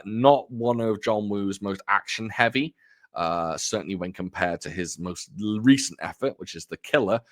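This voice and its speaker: A man's voice: on the low side, a bit bright. A man casually chatting at home about films he has bought, rambling and poking fun at himself. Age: adult. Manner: rambling, chatty, self-deprecating. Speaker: film collector vlogger. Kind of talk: casual chat showing off purchases.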